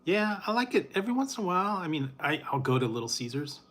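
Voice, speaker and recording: A middle-aged food reviewer hosts a laid-back chat with his live viewers, rambling with frequent chuckles and fillers. His high-pitched voice swings widely in pitch, moves quickly and sounds a bit bright.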